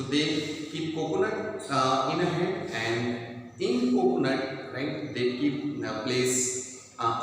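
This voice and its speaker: A man's voice: mid-range voice, a bit bright. A male teacher giving a classroom lecture, repeating "right?" after each point. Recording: echoey room, mic far off, faint noise.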